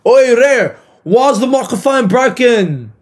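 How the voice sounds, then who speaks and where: A man doing a put-on Greek accent as a loud, indignant man shouting at a friend. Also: extremely high pitch, animated, unhurried, pitched above the performer's own voice, exaggerated voice.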